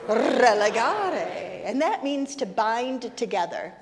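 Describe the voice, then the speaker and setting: A crowd can be heard behind a woman minister leading a playful children's message in a congregation's sanctuary. Her medium-pitched voice is animated and unhurried as she teases the kids in a sing-song manner. The recording has long hall reverb and faint ambient noise.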